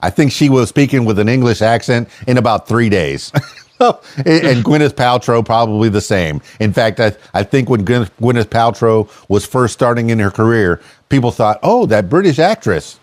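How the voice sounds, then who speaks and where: A middle-aged American podcast host with a medium-pitched voice runs a casual interview at normal speed, with no echo. He's curious and rambling, frequently restarting his sentences.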